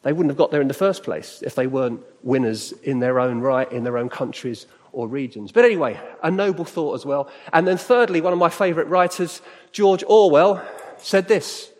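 A man's voice: on the high side, moderate pace, darkish tone. Chatty middle-aged man speaking in a hall. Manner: chatty, conversational, asks the audience questions. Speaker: church speaker. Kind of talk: sermon-style talk. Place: church hall. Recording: reverberant hall.

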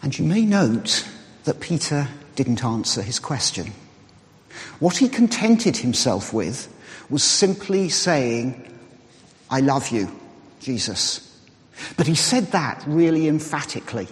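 A man preaching a sermon, explaining in a measured way and reasoning aloud. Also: on the high side, very animated. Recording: reverberant hall.

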